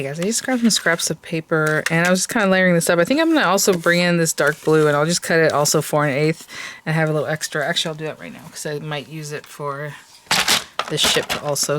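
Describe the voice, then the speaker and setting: A woman with a somewhat low voice talks through a crafting tutorial in a relaxed, chatty way. She thinks aloud as she works, trailing off and filling gaps with hesitant ums. A faint hiss sits under the recording.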